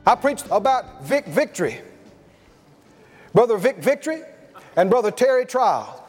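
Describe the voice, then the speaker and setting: High-voiced, lively storytelling preacher man. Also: measured pace, long reverb tail, soft background music. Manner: animated storytelling, chuckling. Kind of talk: sermon.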